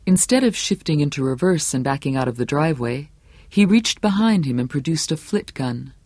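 A man narrating an audiobook in a steady, measured storytelling manner. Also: on the high side, no room sound. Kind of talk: scripted narration.

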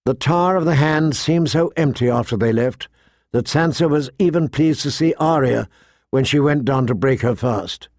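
In a studio-quality recording free of room sound, a man narrates an audiobook. He pitches his voice in the medium range and tells the story in a measured, expressive way.

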